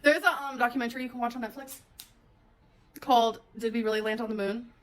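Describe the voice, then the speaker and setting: A woman's voice: a little high, quick pace. A young woman vlogging in a casual late-night chat, tired and loopy, laughing often. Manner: giggly, animated.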